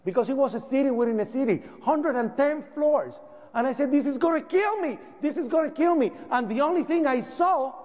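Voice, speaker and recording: A man with a high voice delivers an emotional first-person testimony to an audience in a large hall. He tells it dramatically, his voice climbing and breaking at the worst moments. The sound is dull broadcast audio with a long hall reverb behind it. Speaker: speaker giving a presentation.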